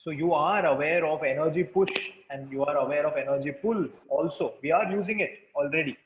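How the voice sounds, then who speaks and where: A man hosting an online webinar, chatting with guests and leading a calm, repetitive guided energy exercise over a video call. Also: a little high, fairly quick, background noise. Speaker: webinar facilitator. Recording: tinny call audio with room echo.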